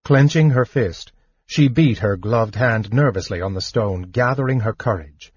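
A man narrating a fantasy audiobook in a slow, measured way. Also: on the low side, husky, dry recording, muffled recording. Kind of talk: scripted narration.

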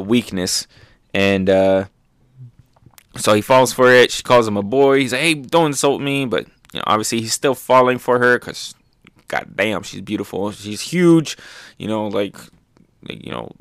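A man's voice: lowish voice, a bit bright, clean tone, no room sound, clean studio sound. A man hosting a manga review, chatting loosely with lots of fillers and swearing as he recaps chapters. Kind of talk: casual recap commentary.

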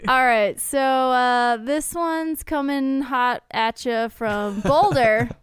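A woman's voice: high voice, takes it slowly, smooth, no echo. A woman co-hosting a comedy chat, reading listener posts aloud, laughing often and swearing casually.

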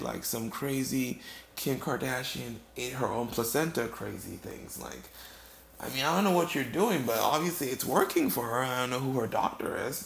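A weary, yawning man with a very gravelly, mid-range voice improvises a comic monologue, rambling and halting with lots of fillers and restarts. His storytelling echoes around a bare room over a faint hiss.

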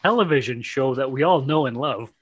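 A man's voice: mid-range voice, animated, muffled recording, slight background noise. Playful giggly male co-host. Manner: playful, giggly, quick to banter. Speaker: podcast co-host. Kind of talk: casual chat.

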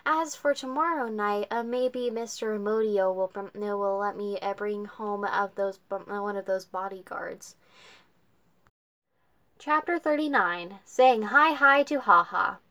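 A woman reading a novel aloud, halting constantly with uhs, false starts and self-corrections. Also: medium pitch, a bit bright. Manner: halting, filled with uhs and restarts. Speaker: reader.

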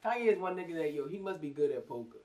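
High-voiced fast-talking man, off-mic. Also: animated, a little mellow, far from the mic. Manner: loose, profane, storytelling banter. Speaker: podcast host. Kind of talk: casual podcast chat.

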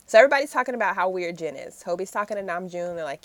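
Animated woman with a lively voice. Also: fairly low pitch, racing, few pauses, no echo. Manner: animated storyteller, acts out characters' lines, laughs often. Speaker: podcast co-host recapping a series. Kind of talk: casual chat.

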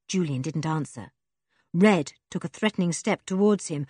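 A woman narrating a children's adventure audiobook with expressive storytelling. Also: on the low side, moderate pace, slightly rough, dry recording, clean studio sound.

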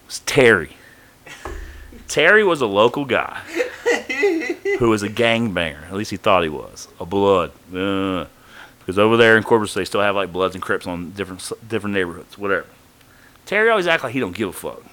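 Animated, profane man telling a story. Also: lowish voice, normal speed, long pauses. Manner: profane, animated, acts out quoted voices. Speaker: podcast guest telling his story. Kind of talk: casual storytelling.

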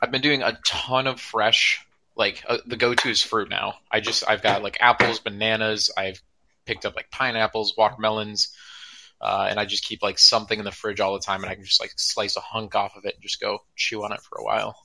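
A man chatting casually on a call, relaxed and rambling. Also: lowish voice, a little fast, creaky, a little hiss or hum, poor audio. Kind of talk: casual chat. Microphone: video call.

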